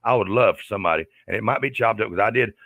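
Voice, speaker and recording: A man rants in an aggravated, profanity-laced commentary, circling back over the same complaint. His voice sits very low with a gravelly fry. The sound is dry and close. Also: rapid-fire, a bit bright, no room sound. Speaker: livestreamer. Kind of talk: angry commentary rant.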